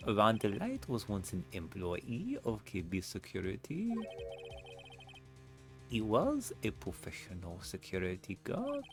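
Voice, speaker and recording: A man's voice: on the low side, huge pitch swings, a little slow, soft background music, heavily acted. A man voicing a cool, smug prosecutor from a game in a put-on French accent, drawling and teasing.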